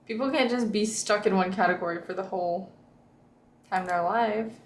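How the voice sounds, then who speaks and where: A woman's voice: medium pitch, normal speed, echoey room, a little hiss or hum. A woman streamer in casual chat with viewers, rambling and reading chat aloud.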